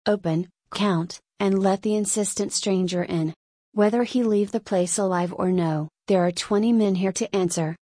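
Here is a scornful baron of the storybook conspiracy, read out by a woman. He hisses low and mocking, barely above a breath. The sound is close and dry, at an ordinary pitch. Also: normal speed, mellow, no echo, lightly acted.

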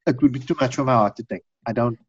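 A middle-aged man in casual chat, telling long rambling stories and acting out quotes in high voices. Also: fast talker, husky, no echo. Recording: dull dry recording.

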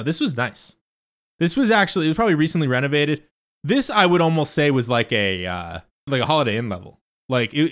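Man, comedian, casual rambling story, lively swooping pitch, loud asides and mutters. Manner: animated, swings between loud asides and muttered remarks; loose and profane, lots of fillers and restarts. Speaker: stand-up comedian telling a travel story.

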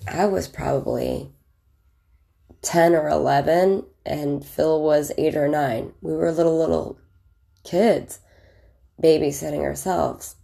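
A woman's voice: deep voice, gravelly, dark tone. A woman in her thirties casually telling childhood stories, chatty and candid, with lots of fillers. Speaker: vlogger. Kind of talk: casual storytelling, recalling childhood.

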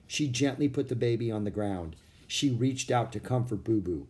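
A man's voice: medium pitch, lively intonation, moderate pace, a little mellow. Man reading a storybook aloud. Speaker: narrator. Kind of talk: storybook narration.

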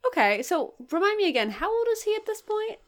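A woman's voice: extremely high pitch, very animated, quick pace. A woman co-hosting a podcast who reacts to a story with playful questions and jokes. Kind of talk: casual chat.

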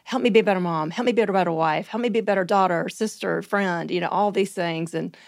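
A woman guest on a podcast, talking earnestly and candidly about motherhood, rushing ahead when she gets worked up. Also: on the low side, vocal fry, no echo, clean studio sound. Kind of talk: candid conversation.

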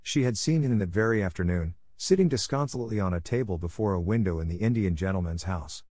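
A man reading a classic storybook aloud in a calm, measured manner. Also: low voice, no room sound, clean studio sound. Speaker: narrator. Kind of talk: storybook narration.

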